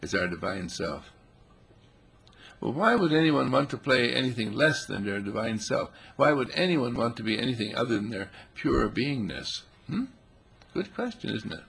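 Man, spiritual teacher, gravelly and raspy, lively up-and-down pitch, playful. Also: normal speed. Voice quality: gravelly, husky. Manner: playful, animated, voicing animals and quotes. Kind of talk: spiritual talk.

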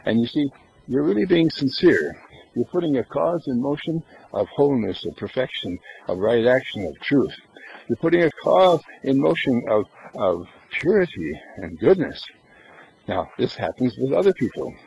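A man's voice: medium pitch, sing-song, moderate pace, creaky, darkish tone, slightly rough, muffled recording. A man giving an inspirational spiritual talk, who asks rhetorical questions and answers them himself. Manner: acts out little scenes in everyday voices. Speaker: spiritual lecturer.

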